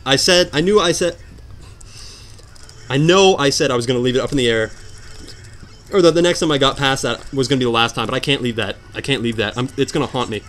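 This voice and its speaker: A man commentating a hard video game, sarcastic and mock-dramatic, swinging from low mutters to sudden outbursts. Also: brisk, pauses often, a bit bright, a little hiss or hum. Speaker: gameplay commentator. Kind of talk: let's play commentary.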